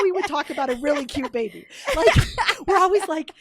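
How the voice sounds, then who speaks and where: A woman co-hosting a casual podcast chat, an animated storyteller who laughs often. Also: sits high, a little fast. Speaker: podcast co-host.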